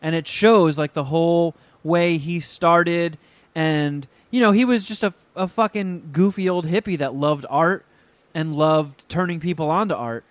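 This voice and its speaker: Casual podcast co-host, male, fairly high voice, swears freely, acts out the people he quotes. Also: unhurried, no echo. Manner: profane, animated storytelling with acted quotes. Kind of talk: casual chat.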